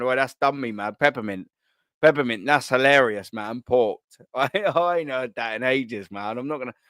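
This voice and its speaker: In a dry recording, a mid-range male voice with a fairly bright, clean tone belongs to a thirtysomething from England with a London accent. He hosts a live stream, chatting casually over comments with slang and easy laughter.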